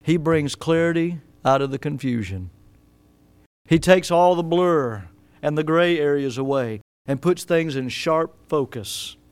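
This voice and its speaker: A man preaching a sermon as pastor, rising to loud emphatic peaks and dropping to soft, low asides. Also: unhurried, smooth. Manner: preaching with sudden loud rises and soft drops.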